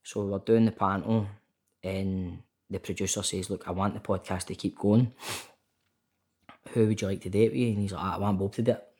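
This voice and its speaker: A Scottish man with a fairly low voice chats loosely on a call, peppering his stories with "mate" and the odd swear word. He is an actor talking about his work in a relaxed, unguarded way. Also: brisk. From Scotland. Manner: chatty storyteller, keeps saying mate, swears freely. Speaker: actor guest. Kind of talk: casual chat. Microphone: remote call.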